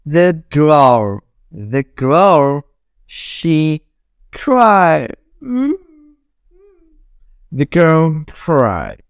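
A woman's voice: sits low, very animated, extremely slow, long pauses, clear, resonant tone, no room sound, clean studio sound. A young woman teacher drilling English words for children, repeating each one and laughing between examples. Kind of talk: classroom drilling lesson.

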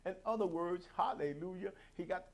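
High-voiced preaching man. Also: moderate pace. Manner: preaching with call-outs, acting out quoted voices. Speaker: pastor. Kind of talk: sermon.

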